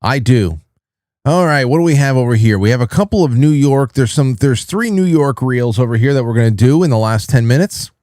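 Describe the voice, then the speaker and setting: A man's voice: mid-range voice, animated, fairly quick, mellow, dry recording, clean studio sound. A male host giving rambling, wry, emphatic commentary on video reels. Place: studio.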